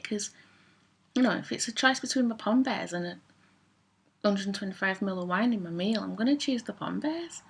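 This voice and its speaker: Woman, vlogger, gravelly, husky, rambling casual chat. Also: medium pitch, expressive, moderate pace. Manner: chatty, rambling, self-mocking.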